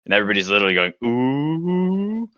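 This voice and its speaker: A man's voice: on the low side, fairly quick, no room sound. A young man co-hosting a casual podcast, telling stories animatedly and acting out the other people in them. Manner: animated storyteller, acts out other voices. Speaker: podcast co-host. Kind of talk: casual chat, storytelling. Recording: dull lo-fi sound.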